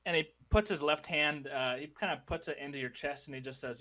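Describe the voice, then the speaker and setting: Bright-voiced man running a tabletop game. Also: on the high side, brisk, a little hiss or hum. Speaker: game master.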